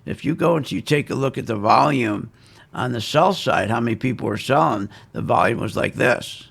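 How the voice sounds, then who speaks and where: A man's voice: medium pitch, animated, normal speed, creaky, a bit bright, husky. A man giving casual, emphatic and self-assured stock market commentary, repeating his points.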